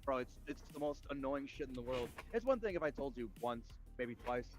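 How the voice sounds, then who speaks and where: Man, high and animated, exasperated swearing rants. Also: a little fast, over music. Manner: animated ranting, heavy swearing. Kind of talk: casual chat.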